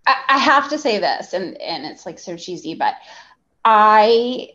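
A guest journalist tells a story in a medium-pitched voice at a measured pace, swearing candidly along the way. She's animated and profane and uses lots of fillers, and the lo-fi audio sounds slightly dull.

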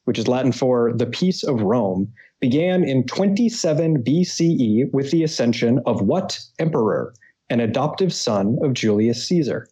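A man's voice: mid-range voice, expressive, moderate pace, mellow, husky. A man hosting a trivia podcast, reading quiz questions with playful jokey asides. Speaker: quiz host.

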